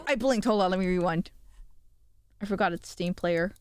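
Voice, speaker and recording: A young woman streaming, chatting casually and excitably, swearing often and poking fun at herself. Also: fairly low pitch, moderate pace, clear, resonant tone, faint music behind.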